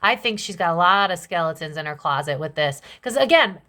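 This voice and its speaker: A woman's voice: lowish voice, expressive, brisk, bright, forceful tone. A young adult woman giving a casual tarot reading to camera, chatty and blunt, with slang and swearing. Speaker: psychic tarot reader.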